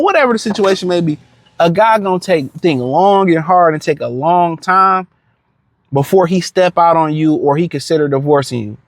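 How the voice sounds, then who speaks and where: A man's voice: high voice, no room sound. A man giving a blunt, profane reaction rant, full of slang, repeated words and fillers. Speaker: commentator reacting to a clip.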